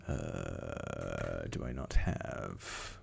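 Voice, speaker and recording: Gravelly Scottish man muttering at his screen. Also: rumbling low, very slow, soft background music. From Scotland. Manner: mutters to himself, swings into loud exasperated outbursts. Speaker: livestreamer rigging in 3D software. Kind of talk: casual live-stream chat while working.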